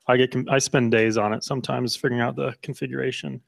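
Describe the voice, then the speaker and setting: A man's voice: mid-range voice, flat delivery, fast, gravelly. A man introducing the next speaker at a meetup, asking the audience questions and joking.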